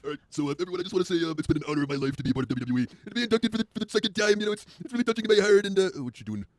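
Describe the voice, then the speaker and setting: A man's voice: sits high, lively intonation, very fast, dry recording. A man joining the stream, playing along in crude comedic bits with a whiny, playful delivery. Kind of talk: comedic role-play banter.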